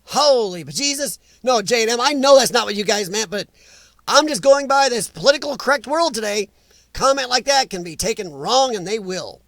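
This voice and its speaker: Stream host, male, high-pitched, blunt and opinionated, dry close sound. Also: lively intonation, moderate pace, a bit bright, dry recording. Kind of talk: casual live-stream chat reading comments.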